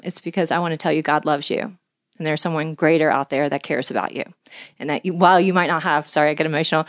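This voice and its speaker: A woman's voice: fairly low pitch, fairly even intonation, a little fast, no room sound, clean studio sound. A middle-aged woman telling long, heartfelt stories as a podcast guest, earnest and sincere. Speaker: podcast guest, angler and mission leader. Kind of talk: conversational storytelling.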